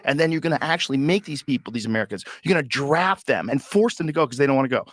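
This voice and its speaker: A man's voice: medium pitch, animated, rapid-fire, a bit bright, no room sound, clean studio sound. Heated, profane man on a podcast. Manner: heated and profane, building to incredulous outbursts. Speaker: comedian guest on a podcast. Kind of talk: podcast conversation.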